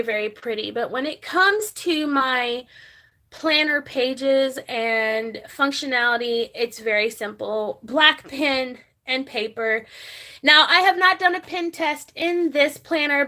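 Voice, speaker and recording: A woman's voice: sits high, poor audio. A young woman chatting casually in a planner vlog as she writes on camera, talking openly about feeling anxious. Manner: chatty, warm toward viewers, talks while writing. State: nervous, anxious. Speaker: planner vlogger.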